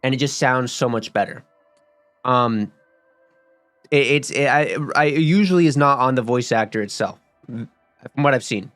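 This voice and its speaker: A man's voice: mid-range voice, normal speed, long pauses, fairly bright tone, no room sound, faint music behind. Rambling, profane young man gaming. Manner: rambling and profane, with many fillers and restarts. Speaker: gaming streamer. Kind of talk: casual gaming commentary.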